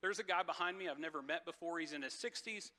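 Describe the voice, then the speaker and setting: A man's voice: a little high, quick pace, sharp tone. A man preaching a casual sermon, telling a personal story with many fillers and restarts. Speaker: pastor.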